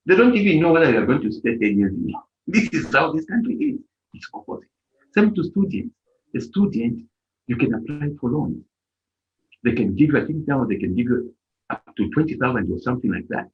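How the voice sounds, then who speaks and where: A man's voice: medium pitch, normal speed. A man giving an informal motivational talk on a live stream, emphatic and repetitive as he tells stories. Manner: animated, emphatic storytelling with repetitions. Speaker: live stream speaker advising volunteers. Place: lives in Germany. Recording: dull lo-fi live stream audio.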